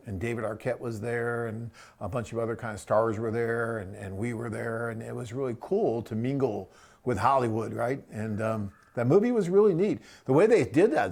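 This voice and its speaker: A man hosting a live webcast and answering viewer questions in a chatty, rambling way, often tagging on "right?" and pausing with "um". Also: mid-range voice, darkish tone.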